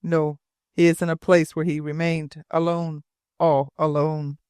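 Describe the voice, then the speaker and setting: A rough frontier sailor who stumbles over his words and repeats himself with stubborn emphasis, as a man reads him in an audiobook. The voice sits a little high and the recording is dry and close. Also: flat delivery, unhurried, a little mellow, no room sound, close to an everyday voice. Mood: insistent. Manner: broken, repetitive, emphatic phrasing. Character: rough, halting old frontier sailor, insistent.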